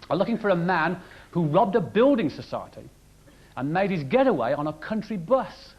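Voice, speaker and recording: A man doing an animated, mocking stand-up monologue before a live audience. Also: high-pitched, moderate pace, a little hiss or hum. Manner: animated, mocking, shouts punchlines. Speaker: comedian. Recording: dull broadcast recording, loud audience.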